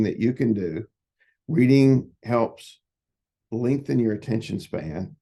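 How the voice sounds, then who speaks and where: A man's voice: fairly low pitch, warm tone. A man who works as a psychotherapist, giving folksy, casual advice and telling stories. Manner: folksy, repetitive, storytelling.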